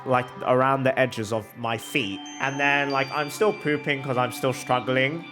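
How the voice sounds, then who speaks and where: A young man streaming a game, telling a long embarrassing story in an animated, exaggerated comic way. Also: mid-range voice, measured pace, over music. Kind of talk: casual storytelling while gaming.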